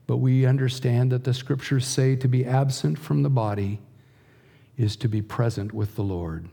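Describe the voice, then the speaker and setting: Earnest middle-aged man preaching, mellow voice. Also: medium pitch, steady tone, vocal fry. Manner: earnest, slow emphatic delivery with soft, hushed passages. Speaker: pastor. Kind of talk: sermon.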